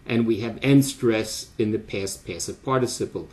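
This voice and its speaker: An older man giving an academic lecture, speaking deliberately with frequent pauses and fillers. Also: on the low side, fairly even intonation, darkish tone.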